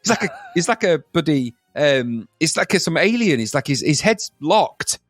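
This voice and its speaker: Male co-host, animated and jokey, dry close-miked read. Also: fairly high pitch, normal speed, no room sound. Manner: jokey, lively, slips into silly voices. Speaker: podcast co-host. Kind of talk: casual chat.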